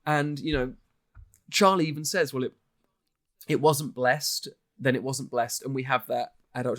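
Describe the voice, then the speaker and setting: A man's voice: mid-range voice, fairly even intonation, unhurried, a bit bright. A man co-hosting a podcast, chatting casually about a horror film, rambling with many fillers and restarts. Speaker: podcast co-host.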